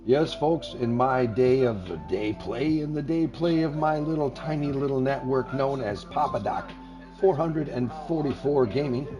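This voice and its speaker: Music plays behind this older man's slightly slow, mid-range voice, and the audio sounds dull. Calling himself a grandpa, he rambles earnestly and folksily on a gaming stream, sometimes lapsing into radio-announcer patter.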